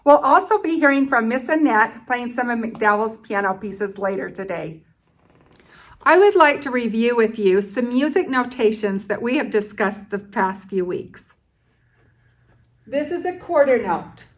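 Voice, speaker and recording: Woman music teacher, high voice, slow and patient, counting rhythms aloud for young children. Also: expressive.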